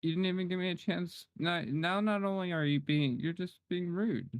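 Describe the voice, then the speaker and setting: A man's voice: high voice, normal speed, no echo, rough recording. A man streaming and chatting casually, teasing and bossing around an AI assistant and complaining when it falls short. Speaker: game streamer. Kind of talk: casual livestream chat.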